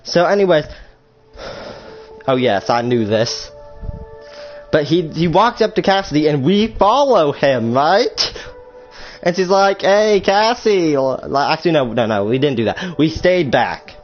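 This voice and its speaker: A teenage boy tells a story for his vlog at home, talking slowly in a fairly high voice. He rambles, swears freely and keeps correcting himself along the way. The audio is a little muffled, with faint music underneath. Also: big pitch swings. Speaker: storytime vlogger. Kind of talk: casual storytelling.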